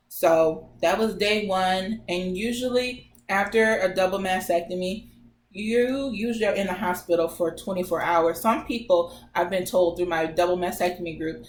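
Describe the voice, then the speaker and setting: A young woman in her twenties vlogging in a lively, chatty way and slipping into other people's voices as she retells events. Her voice sits a little low. The recording has a roomy echo and a faint hum of background noise. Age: 20s. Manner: chatty, animated retelling that acts out others' lines. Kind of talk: casual personal storytelling.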